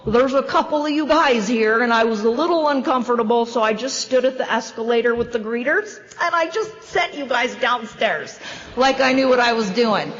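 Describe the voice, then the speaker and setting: A woman in her fifties or older giving a wry, self-deprecating recovery share as a convention speaker at a podium microphone. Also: on the high side. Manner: wry, self-deprecating storytelling with quick asides. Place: large hall. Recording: dull, echoey hall recording.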